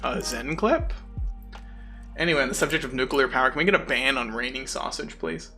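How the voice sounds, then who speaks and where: Goofy bright-voiced male streamer. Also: mid-range voice, fairly quick, soft background music. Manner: rambling, goofy, full of internet slang. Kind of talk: casual live-stream chat.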